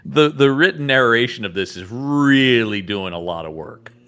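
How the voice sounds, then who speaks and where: Male podcast co-host, animated and quick to laugh, bright tone, lively delivery. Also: mid-range voice, smooth. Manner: animated, laughs often, frequent restarts. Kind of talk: casual comic book discussion.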